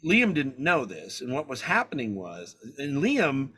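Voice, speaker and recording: A man in his sixties, a film director as a guest, telling lively anecdotes, acting out quotes and swearing casually. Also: medium pitch, measured pace, breathy edge. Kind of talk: animated anecdote storytelling.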